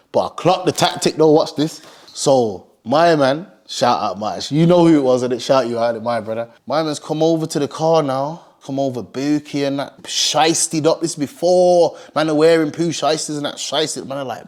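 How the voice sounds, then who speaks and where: A man's voice: mid-range voice, brisk. A young man telling a story in casual street slang, often acting out the people in it. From Birmingham, England. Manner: heavy street slang, animated retelling with acted quotes. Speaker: streetwear brand founder.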